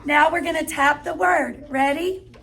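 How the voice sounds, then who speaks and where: Slow, encouraging woman teacher, high voice. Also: pushed and bright. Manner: slow, encouraging, calls out steps to children. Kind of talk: classroom phonics lesson. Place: classroom.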